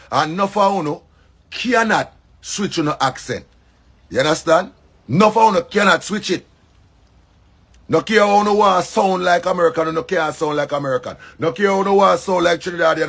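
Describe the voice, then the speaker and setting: A man with a Jamaican accent speaks in a fairly high, slightly bright voice. He's a comedian delivering a casual monologue that is emphatic and preachy, hammering the same points again and again.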